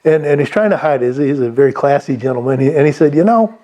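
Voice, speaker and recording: A man's voice: mid-range voice, steady tone, fast talker, dark tone. A man giving unscripted sales advice, rambling with many restarts and fillers. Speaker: sales trainer.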